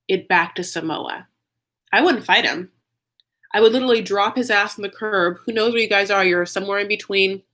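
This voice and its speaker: A young man recapping a reality show in a campy, sassy, animated storytelling style, calling viewers "honey". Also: high-pitched. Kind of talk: casual comedic recap.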